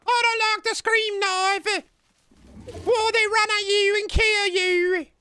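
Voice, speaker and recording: A man's voice: very high voice, flat delivery, slow pace, pushed and bright, voice pushed up, exaggerated voice. A man voicing a nasal, whiny young British boy who streams games and complains in a prim, fussy way.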